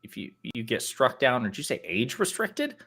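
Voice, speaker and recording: A man hosting a loose political chat over a live stream, his voice bright and forward. He rambles, teases his guest and spins comic exaggerated stories. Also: mid-range voice, sing-song, moderate pace, breathy edge. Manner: joking, rambling, teasing. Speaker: host.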